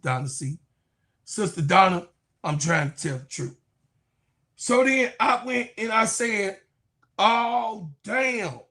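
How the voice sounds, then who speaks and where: Fifties male sports vlogger, high voice, loose profane rant. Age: 50s. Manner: animated, profane, keeps repeating "you know what I'm saying". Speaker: sports YouTube commentator. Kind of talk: casual rant to viewers.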